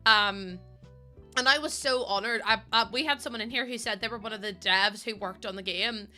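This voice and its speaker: A young woman streaming a game, chatting quickly with her viewers while feeling a bit run down. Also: a little high, bright, forceful tone, faint music behind. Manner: fast-talking, chatty. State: under the weather, a bit run down. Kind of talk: casual live-stream chat while playing a game.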